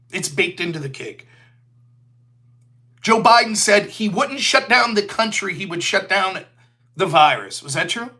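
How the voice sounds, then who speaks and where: Sarcastic man with a lively, bright voice. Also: high voice. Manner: sarcastic, mocking, puts on silly voices to mimic opponents. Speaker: show host. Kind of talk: solo political commentary.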